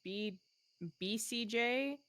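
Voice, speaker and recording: Wry bright-voiced woman gamer. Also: on the high side, very slow, clean tone. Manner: wry, offhand, swears casually. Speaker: co-player. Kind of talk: casual gaming chat.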